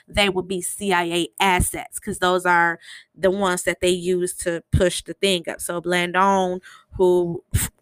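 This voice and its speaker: A woman's voice: mid-range voice, fairly bright tone, clean tone, no echo. A woman hosting a podcast, giving a casual, rambling recap full of "you know" fillers. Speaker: podcast host.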